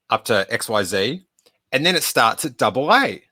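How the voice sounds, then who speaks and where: Podcast host, man in his 30s, bright voice, chatty rambling storyteller. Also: medium pitch, animated, normal speed. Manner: chatty, rambling anecdote with many "like" fillers. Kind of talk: live stream Q&A storytelling.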